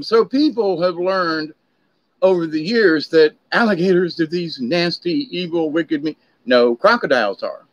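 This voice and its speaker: A middle-aged man talks in a somewhat high voice, chatting along and wandering between stories. The recording is dry and a little dull. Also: dry recording. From Florida, USA. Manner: chatty storyteller, drifting off on tangents. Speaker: vlogger. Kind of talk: rambling casual monologue.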